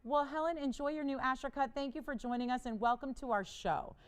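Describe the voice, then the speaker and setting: A woman hosting a live TV jewelry shopping show, pitching an auction in a chatty, playful way, laughing often and urging bidders on. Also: fairly even intonation, fairly quick, clear, resonant tone. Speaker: TV shopping host. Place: TV studio.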